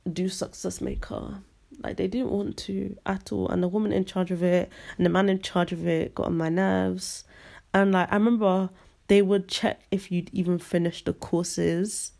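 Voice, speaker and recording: Ranting young woman with vocal fry. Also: fairly low pitch. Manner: animated, ranting, slangy. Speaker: podcast host. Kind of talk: casual storytelling monologue.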